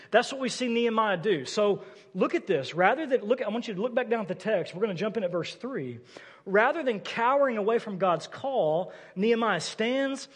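A man in his thirties, a pastor, giving a casual, conversational sermon. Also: sits high. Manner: conversational preaching with frequent "like". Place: church sanctuary. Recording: long church reverb.

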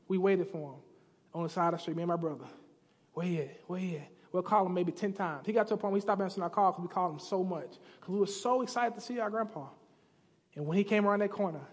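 High-voiced preacher in a reverberant church. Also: male voice. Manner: acts out characters with slang voices. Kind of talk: sermon storytelling. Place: church sanctuary.

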